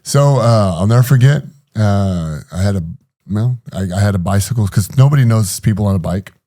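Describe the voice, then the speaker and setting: Low, mellow-voiced man telling his story. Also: lively intonation, moderate pace. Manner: hesitant, many fillers and restarts. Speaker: guest. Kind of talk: interview storytelling.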